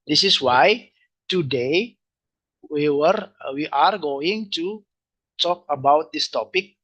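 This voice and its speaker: Give me a man lecturing slowly, in a bright, fairly high voice. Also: poor audio. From Indonesia. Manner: slow, halting, repeats phrases. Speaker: university lecturer. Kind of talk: webinar lecture.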